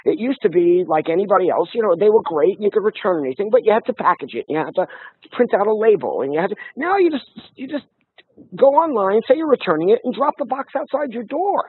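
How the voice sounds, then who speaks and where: A man with a high, husky voice tells lively stories in casual conversation, often starting over mid-sentence. The sound is tinny and phone-like and very dry. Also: quick pace, no echo. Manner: animated storytelling with many restarts. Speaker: guest.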